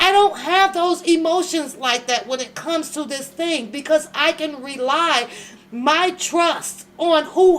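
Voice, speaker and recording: A woman's voice: high voice, a bit bright, low-quality recording. A woman hosting an online commentary show, ranting in a heated, profane, rambling way. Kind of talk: casual reaction commentary.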